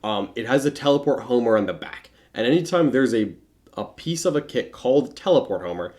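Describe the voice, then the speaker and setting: A man's voice: mid-range voice, lively intonation, fairly quick, darkish tone. A man co-hosting a casual tabletop hobby discussion, talking in a playful, jokey way. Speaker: co-host.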